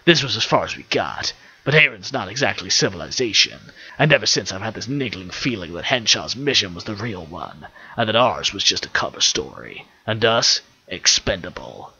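Brief: man reading a weary, suspicious stranded officer for an audiobook, low and guarded, bright-edged voice on slightly dull audio. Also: very animated, moderate pace, gravelly, breathy edge, exaggerated voice.

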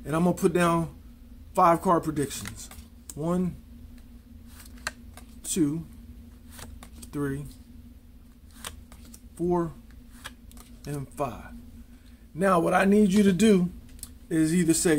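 A man with a slightly high voice walks through card tricks in a relaxed, casual way. He counts and spells out loud as he deals the cards. A faint hum sits behind him. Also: unhurried, long pauses. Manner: casual, counts and spells aloud while dealing. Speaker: amateur magician.

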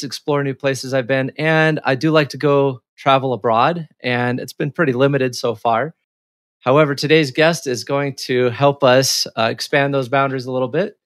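A man hosting his podcast, upbeat and friendly, talking in quick bursts. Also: medium pitch, fairly bright tone, no echo, studio quality. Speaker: podcast host. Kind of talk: podcast hosting, casual chat.

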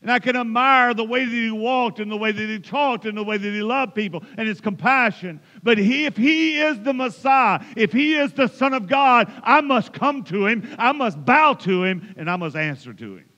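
Emphatic preacher, high bright voice. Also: male voice, animated, normal speed, few pauses. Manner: emphatic, rising to impassioned build-ups. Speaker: pastor. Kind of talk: sermon. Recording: dull sound in a reverberant church hall.

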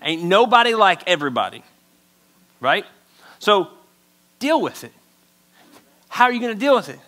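Guy pastor preaching, pretty high voice, chatty and emphatic. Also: very animated, normal speed, pushed and bright. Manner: conversational, emphatic preaching with acted-out quotes. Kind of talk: sermon.

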